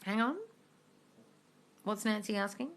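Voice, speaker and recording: A woman's voice: medium pitch, measured pace. A woman, answering viewers' questions on a live stream in a casual, blunt way, swearing freely and calling listeners darling.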